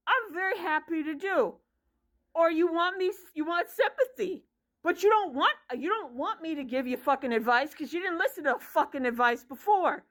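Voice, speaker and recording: Woman, 30s, high-pitched vlogger, blunt profane ranting storyteller. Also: a bit bright. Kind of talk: casual vlog rant.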